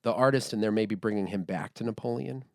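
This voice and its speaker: A man's voice: lowish voice, fast talker, gravelly, darkish tone, no room sound, clean studio sound. A man co-hosting a podcast, retelling a movie plot in casual chat with rambling fillers. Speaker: podcast co-host.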